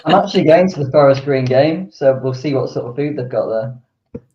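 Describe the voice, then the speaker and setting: A man's voice: medium pitch, moderate pace, slight background noise. Man in his forties, echoey lo-fi. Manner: relaxed, chatty, amused. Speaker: podcast guest. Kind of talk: casual podcast chat. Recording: echoey, dull lo-fi remote audio.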